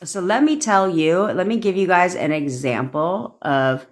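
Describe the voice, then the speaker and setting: A manifestation coach with a lowish, animated, unhurried voice chats casually on a phone livestream. She curses often and answers viewers, addressing them by name.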